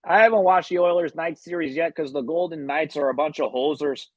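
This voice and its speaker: A man's voice: fairly high pitch, brisk, no echo, voice pushed up, lightly acted. A man doing a slangy Canadian hockey guy. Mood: teasing. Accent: put-on Canadian. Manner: slangy, calls people hosers and bud. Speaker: co-host.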